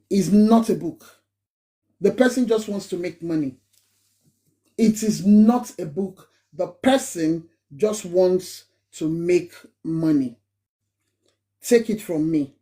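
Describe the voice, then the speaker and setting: Nigerian woman, live-stream host, slow deliberate pace, emphatic, mid pitch. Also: warm tone. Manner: emphatic, repeats points. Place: home in Manchester.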